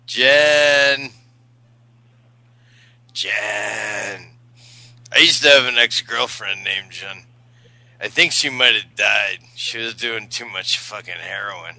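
A man's voice: fairly low pitch, measured pace, bright, forceful tone, no room sound. A man on a call-in line, teasing and mocking in a prank call, laughing often. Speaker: caller.

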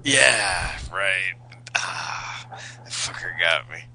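A man's voice: deep voice, animated, extremely slow, vocal fry, sharp tone, slight background noise. A man on a call-in line, teasing and mocking in a prank call, laughing often. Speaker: caller.

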